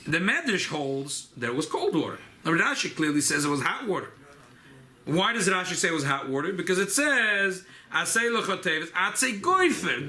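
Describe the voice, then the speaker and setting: A man teaching an informal Torah class as a rabbi, animated and emphatic. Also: moderate pace. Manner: animated, rising pitch on emphasis, Yiddish and Hebrew terms mixed in.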